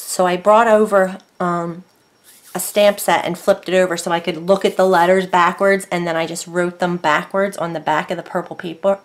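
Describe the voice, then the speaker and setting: A woman casually showing and explaining her papercraft project, rambling with many fillers and self-corrections. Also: fairly low pitch. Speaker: craft vlogger. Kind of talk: casual craft show-and-tell.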